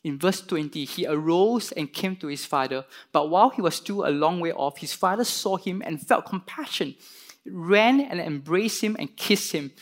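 A man preaching a sermon, retelling a parable and acting out its characters with lively emphasis. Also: high voice, moderate pace. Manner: animated, voices the parable's characters with rising emphasis. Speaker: pastor.

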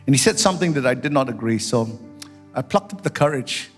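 A man's voice: medium pitch, expressive, fairly quick, long reverb tail, soft background music. A man preaching a sermon as a pastor, telling stories and building into fervent prayer. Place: church sanctuary.

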